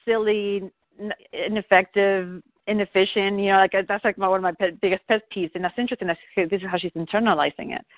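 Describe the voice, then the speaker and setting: A woman's voice: mid-range voice, fairly even intonation, fast, dry recording. A woman, a parent, talking candidly on a call, rambling and self-reflective with many fillers and restarts. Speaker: parent seeking guidance. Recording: dry, tinny phone line.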